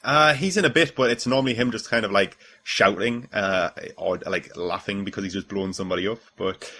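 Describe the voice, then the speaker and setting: Brief: lowish male voice, UK podcast host, loose rambling review talk, faint hiss behind. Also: a little fast, bright, forceful tone. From United Kingdom. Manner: rambling, swears freely, many fillers. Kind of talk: casual film review chat.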